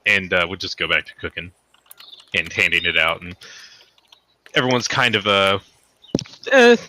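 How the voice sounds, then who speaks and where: Rambling male game master, bright tone. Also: deep voice, normal speed, slight background noise. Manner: rambling, hedging, many fillers. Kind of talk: narrating a tabletop game.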